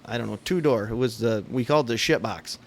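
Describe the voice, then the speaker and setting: A man's voice: medium pitch, quick pace, creaky, slight background noise. Laid-back man with a Michigan accent. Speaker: podcast co-host. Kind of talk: casual chat.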